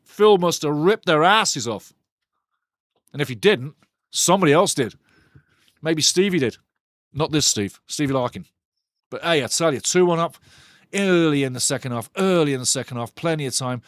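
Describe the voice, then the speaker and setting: A man hosting a live football watch-along, commenting on play with excitable, sweary banter aimed at his chat. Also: on the high side, fairly quick, no room sound, clean studio sound.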